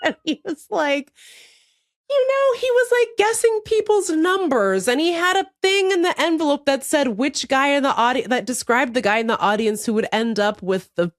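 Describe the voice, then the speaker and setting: A woman's voice: high voice, moderate pace, dry recording. Woman podcaster, bouncy up-and-down voice, laughing thru a story, dry close mic. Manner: animated storytelling, laughs often; swears casually, acts out quotes. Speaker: podcast co-host. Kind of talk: casual comedy podcast chat.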